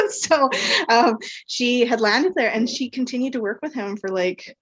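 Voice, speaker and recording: A woman of medium pitch speaking at normal speed tells a podcast a personal story, casual and meandering, with heavy use of "like" and "um"; she is an equine therapy practitioner. The recording is dry, with the highs cut off.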